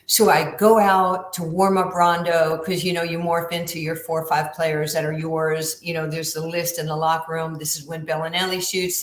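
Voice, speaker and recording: A woman in her sixties telling stories as a guest on a podcast, animated and acting out the lines of other people. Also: low voice. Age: 60s. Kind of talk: storytelling in a podcast interview. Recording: roomy echo.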